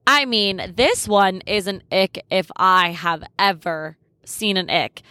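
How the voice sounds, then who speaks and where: A woman's voice: mid-range voice, slow, bright, forceful tone, no room sound. A young woman hosting a podcast in a candid, casual chat, laughing often and swearing freely. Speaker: podcast host.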